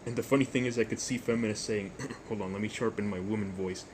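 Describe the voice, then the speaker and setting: A young man hosting a storytime vlog, rambling and jokey, with deadpan asides. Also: on the low side, quick pace, background noise. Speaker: YouTuber storyteller.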